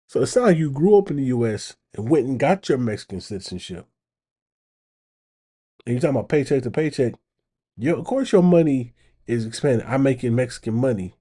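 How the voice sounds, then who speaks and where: A man hosting his channel, giving casual reaction commentary on video clips and getting animated when he makes a point. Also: mid-range voice, slightly rough.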